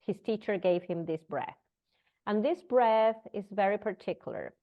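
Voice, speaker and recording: A woman who does not speak natively, teaching a breathwork class and telling a story with acted-out dialogue and halting restarts. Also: medium pitch, expressive, muffled recording.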